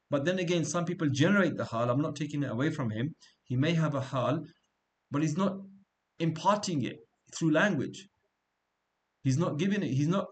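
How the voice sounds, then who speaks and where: A middle-aged man teaching a class in an informal, conversational way, often checking in with "right?" and repeating himself as he talks. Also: fairly high pitch. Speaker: seerah teacher.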